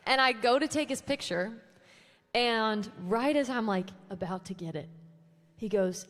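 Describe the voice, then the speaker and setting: A woman's voice: on the high side, animated, measured pace, fairly bright tone, in a large hall. A young woman singer-songwriter chatting casually between songs at a live show, laughing often and saying "um" and "like" a lot. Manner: casual, self-deprecating, laughs often, many "um" and "like". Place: church hall with a live audience.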